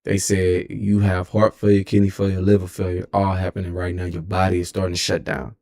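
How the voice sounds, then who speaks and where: Deep, gravelly and somewhat dark, this man's voice stays monotone and runs fairly quick. He's a young Texan streamer in his twenties, swearing and wandering through a casual story while frequently correcting himself.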